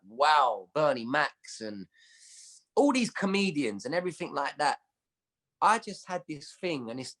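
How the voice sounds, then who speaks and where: A man with a London accent, a comedian chatting as a podcast guest and telling animated stories full of street slang. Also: a little high. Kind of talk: casual chat.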